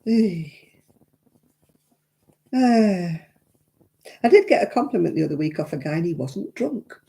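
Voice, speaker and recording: A woman's voice: fairly low pitch, lively intonation, a little slow, vocal fry, dark tone. Chatty self-mocking woman. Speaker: craft live-stream host. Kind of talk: casual live-stream chat.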